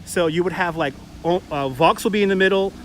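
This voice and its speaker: A talkative man with a New York accent and a somewhat high voice hosts a live walking tour, joking and greeting viewers as he strolls. He is recorded outdoors on a handheld mic, with faint city noise behind him. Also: a little fast. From Brooklyn, New York. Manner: chatty, jokey, laughs often, greets viewers. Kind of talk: casual live-stream tour narration.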